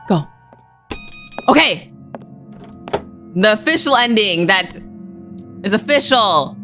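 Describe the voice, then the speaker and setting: A young woman giving casual, excitable commentary as she plays a game, full of exclamations and slang. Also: mid-range voice, takes it slowly, pauses often, soft background music. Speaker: gaming YouTuber. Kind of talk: casual let's-play commentary.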